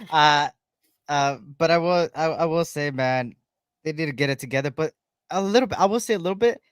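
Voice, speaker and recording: A man's voice: fairly high pitch, expressive, normal speed, pauses often, smooth, no room sound, clean studio sound. A man hosting a fan podcast live stream, greeting viewers in an upbeat, repetitive way. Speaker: podcast host. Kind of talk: live stream chat shout-outs.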